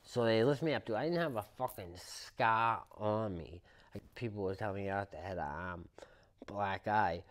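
Profane, animated Boston man telling stories. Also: lowish voice, normal speed. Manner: animated, profane storytelling with acted-out quotes. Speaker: podcast guest. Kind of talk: casual storytelling interview.

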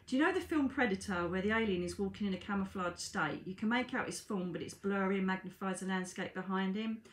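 A British psychic medium reads aloud from her own book, a woman who speaks fast in a mid-range voice and keeps pausing for chatty asides to viewers she calls darlings. The room sounds echoey.

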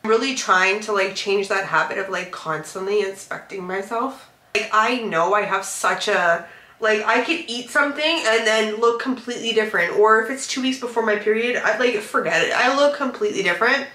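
A woman's voice: mid-range voice, moderate pace, pushed and bright, echoey room. A young woman vlogger talking candidly and emotionally, rambling with lots of fillers. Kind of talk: candid confessional vlog chat. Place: car.

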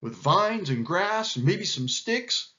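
A man voicing a wise male hornbill who leads the others, speaking in a measured, commanding way. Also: high voice, sing-song, bright, forceful tone, voice pushed up, full character voice. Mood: earnest. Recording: dull lo-fi recording.

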